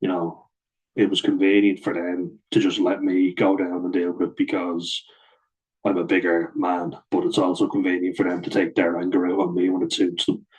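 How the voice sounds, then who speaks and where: A man's voice: deep voice, monotone, normal speed, darkish tone, poor audio. A middle-aged man, bluntly telling a personal story to camera in a sweary, aggrieved way. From Ireland. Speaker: vlogger.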